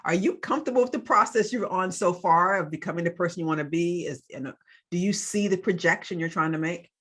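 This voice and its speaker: Co-hosting a faith podcast, a woman recaps a church celebration and a sermon in casual chat, full of fillers and asides. Her voice is fairly low in pitch and fairly bright, and she talks at a quick pace.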